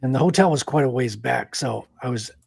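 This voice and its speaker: A man's voice: mid-range voice, fairly quick, gravelly, darkish tone, breathy edge, no room sound. A man in his forties from Quebec with a French Canadian accent, casually telling rambling stories as a podcast host. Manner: rambling anecdotal storyteller. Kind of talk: casual chat.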